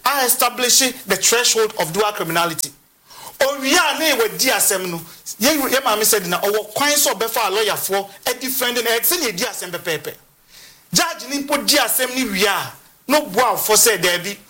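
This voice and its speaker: Lawyer guest, bright tone, halting, repeats words, talk-show explanation. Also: mid-range voice, animated.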